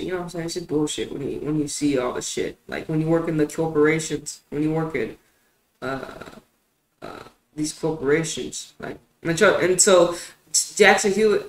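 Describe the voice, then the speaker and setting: Profane ranting woman streamer in an echoey room. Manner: profane, ranting, swings from low musing to loud outbursts. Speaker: streamer and football show host. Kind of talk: casual streamed rant.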